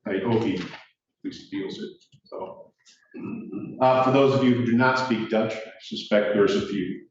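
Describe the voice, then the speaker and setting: A man's voice: medium pitch, steady tone, a little slow. Man giving a self-deprecating ceremony speech; distant mic, echoey room. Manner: joking, self-deprecating storyteller. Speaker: speaker at a ceremony. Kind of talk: casual speech. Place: courtroom. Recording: echoey room from far off, dull.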